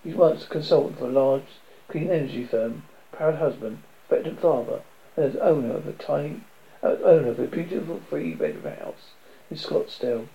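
A man's voice: animated, moderate pace, highs cut off. A man reading a novel extract aloud, with small slips and restarts and a lifted voice for the characters' lines. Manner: reads with slips and restarts, lifts pitch for quoted speech. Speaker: reader.

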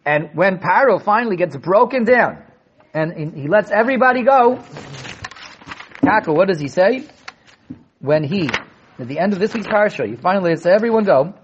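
Rabbi type, emphatic and repetitive, high husky voice, muffled lo-fi capture. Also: male voice, expressive, moderate pace, long pauses, slight background noise. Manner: emphatic, repeats words for stress. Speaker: rabbi giving a weekly Torah talk. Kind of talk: Torah class on the weekly portion. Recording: dull lo-fi recording.

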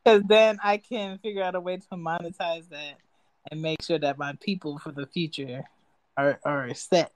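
A woman's voice: low voice, fairly even intonation, moderate pace, no room sound, low-quality recording. Female podcast co-host, easygoing and wry, dry close sound. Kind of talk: casual podcast chat.

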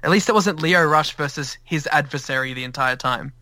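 An Australian man co-hosts a casual podcast with a dry, wry delivery. His voice is bright and sharp, recorded close and dry with no room sound. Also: a little high, a little fast, dry recording. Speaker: podcast co-host. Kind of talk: casual chat.

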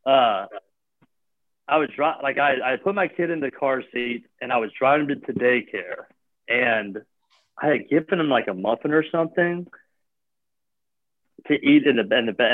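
A man's voice: mid-range voice, normal speed, dry recording. A man rambles through casual chat, piling on filler words and restarting his sentences. His voice comes through a tinny, phone-like line with a dry, close sound. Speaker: guest; gym owner or coach.

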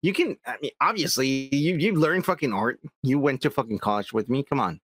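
A man's voice: mid-range voice, lively intonation, brisk, fairly bright tone, slightly rough. A man co-hosting a podcast in casual chat, emphatic and swearing heavily as he argues his point. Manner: emphatic, heavy swearing, repeats "come on, man". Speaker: podcast co-host.

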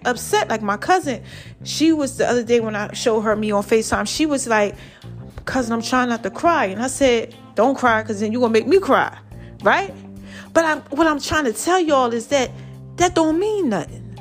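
Woman podcaster just talking it out, bit high voice, soft music under. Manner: chatty, testifying, quotes friends in lively voices. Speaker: podcast host. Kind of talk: casual storytelling podcast.

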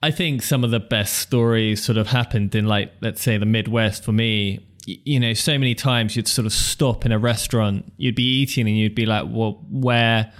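A man's voice: fairly low pitch, normal speed, hardly any pauses. A man hosting a podcast, chatting casually, sharing his own stories and asking follow-up questions. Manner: relaxed storyteller, asks follow-up questions. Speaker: podcast host.

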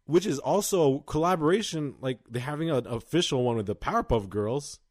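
A man's voice: a little high, lively intonation, a little fast, dry recording, clean studio sound. Young man chatting casually on a podcast. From Los Angeles County. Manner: chatty, lots of fillers and likes. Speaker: podcast co-host. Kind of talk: casual chat.

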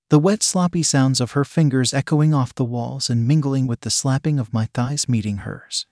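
A man narrating a first-person story in a steady, measured reading voice. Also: mid-range voice, no echo, studio quality.

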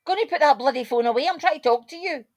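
A woman's voice: high voice, expressive, fast talker, a little hiss or hum. A woman playing a blunt Glaswegian bingo regular. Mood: sharp. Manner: blunt, sharp-tongued. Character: blunt, sharp-tongued working-class bingo regular, woman. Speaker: bingo player. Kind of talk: radio drama acting.

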